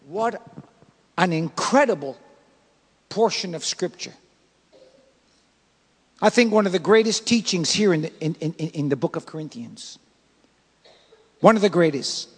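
A male pastor delivering an emphatic sermon, swinging between loud bursts and soft asides. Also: high-pitched, husky, in a large hall. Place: church sanctuary.

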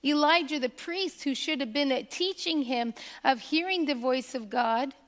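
A woman's voice: high voice, normal speed. A woman preaching a sermon, emphatic and drawing out key phrases. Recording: long hall reverb.

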